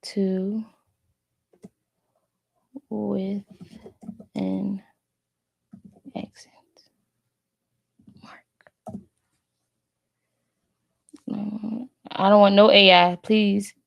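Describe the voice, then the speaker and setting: A woman chats casually to her viewers while she studies, thinking out loud and sounding out each word with care. Her voice has a gravelly edge, and she talks very slowly. The sound is close and dry. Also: mid-range voice, little pitch movement, no room sound, lo-fi sound. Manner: thinks aloud, chatty, talks to viewers as "y'all"; careful halting tries at Spanish words. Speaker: language learner vlogger. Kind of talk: casual chat while studying.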